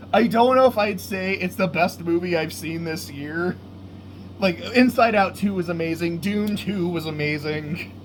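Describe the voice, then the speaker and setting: Casual male film reviewer, higher-pitched voice, loose and excitable delivery with frequent laughter. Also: slight background noise. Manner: rambling, excitable, laughs often, swears. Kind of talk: casual unscripted movie talk.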